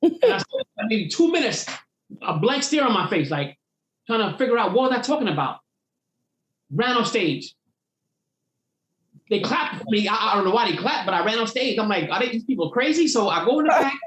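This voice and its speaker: A man with a high voice talks fairly quickly but with long pauses, recalling his life as a stand-up comic in a storytelling interview. He acts out other people's voices with animation, and the roomy recording has slight background noise.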